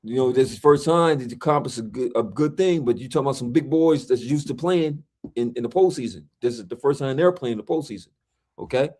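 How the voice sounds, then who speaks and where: Brief: male podcast co-host, slangy and emphatic, keeps repeating himself, average pitch. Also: fast talker, a little mellow, breathy edge. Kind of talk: casual sports and movie chat.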